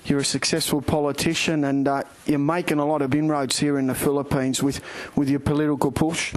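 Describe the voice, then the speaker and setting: A man with an Australian accent hosting a boxing show, asking long, energetic leading questions. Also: fairly high pitch, fairly quick. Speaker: boxing show host, interviewer. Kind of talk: TV interview. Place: indoors in the Philippines.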